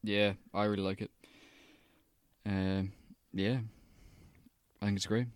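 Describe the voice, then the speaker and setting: A man's voice: fairly low pitch, little pitch movement, slow, slight background noise. A young man co-hosting a podcast, laid-back and joking, swearing casually. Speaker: podcast co-host. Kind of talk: casual chat.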